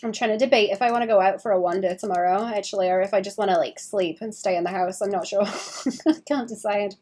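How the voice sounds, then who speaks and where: A young woman streamer chatting casually and rambling while she draws, sleepy and quick to laugh. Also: medium pitch, steady tone, darkish tone. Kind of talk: casual chat while drawing.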